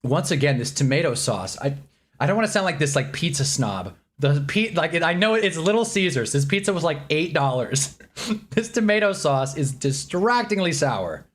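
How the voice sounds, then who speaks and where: A man's voice: on the high side, very animated, normal speed. A man reacting live on a stream, rambling and annoyed, joking and talking while he eats.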